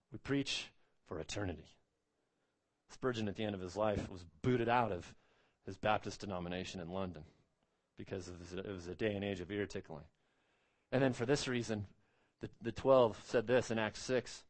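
A man preaching an expository sermon as pastor, earnest and emphatic, repeating phrases and stretching out key words. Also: on the low side.

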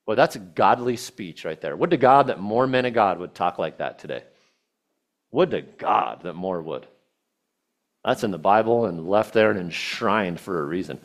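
A man's voice: on the low side, big pitch swings, moderate pace. A man preaching a sermon, retelling a scripture story with casual asides and quoted verses.

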